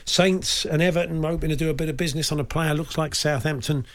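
A man's voice: on the high side, fairly even intonation, fast. A man hosting a sports radio show, chatting casually about football transfers with his co-host. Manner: chatty, conversational with restarts.

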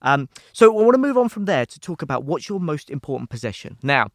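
A man hosting a podcast, asking questions and joking in a relaxed way. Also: fairly high pitch, fast, dry recording. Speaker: podcast host. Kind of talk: casual interview chat.

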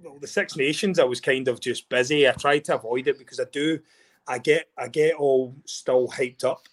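A Scottish man, a former rugby player, chatting as a guest, excitable and animated, often repeating and restarting words. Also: medium pitch, moderate pace. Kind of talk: casual chat.

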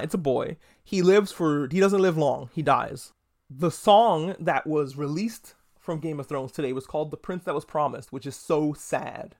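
A man hosting a podcast, giving a casual, rambling solo review full of swearing and jokey asides. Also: fairly high pitch. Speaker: podcast host reviewing a TV episode.

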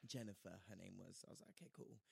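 A man's voice: sits low, fast talker, vocal fry, slightly rough, no room sound, studio quality. A man telling a story in casual chat, acting out the people he quotes. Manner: animated, acts out quoted voices, slangy.

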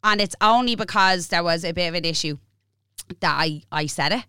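Frank, animated and freely swearing, an Irish-accented podcast co-host in her twenties tells a personal story on a casual show. The voice is lowish, brisk, sharp, clear and resonant, captured dry with clean studio sound.

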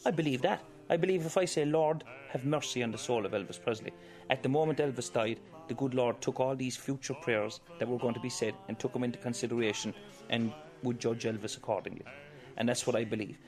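A middle-aged Irishman from County Kerry, a tribute performer for a famous singer, tells anecdotes in a storytelling interview, acting out what people said in their voices. His mid-range, darkish voice is steady and fast, with hardly any pauses. Faint music plays behind him.

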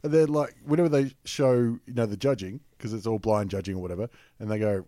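A man's voice: lowish voice, fast, warm tone, dry recording, clean studio sound. A man hosting a casual sports chat, sarcastic and teasing. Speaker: podcast host.

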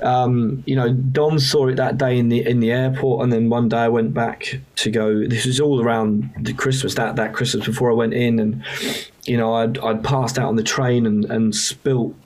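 A man's voice: mid-range voice, flat delivery, normal speed, a little mellow. Frank man telling a raw story. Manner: frank, emotional, swears casually. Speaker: guest musician. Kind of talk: candid storytelling.

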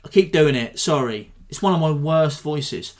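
A man's voice: on the high side, normal speed. Rambling male fight-podcast host. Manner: rambling, animated, self-deprecating. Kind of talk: casual fight analysis.

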